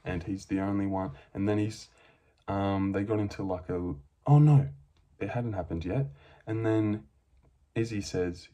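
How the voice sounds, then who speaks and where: A man's voice: low voice, measured pace, mellow. A man giving casual, profane, mocking reaction commentary, reading from his own notes.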